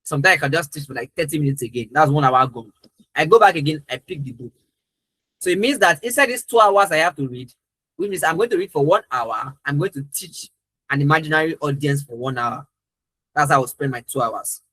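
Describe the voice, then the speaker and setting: A man's voice: a little high, fairly quick, a bit bright, husky, poor audio. A young adult man, a trainer, telling a personal story in an earnest, emphatic way during a live training talk.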